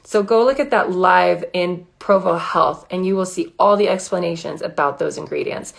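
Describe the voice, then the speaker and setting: A woman's voice: on the low side, normal speed, creaky, rough recording. A woman in her thirties hosting a casual live question-and-answer chat from home on her phone, frank and chatty with lots of rhetorical questions. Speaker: live-stream host and aromatherapist.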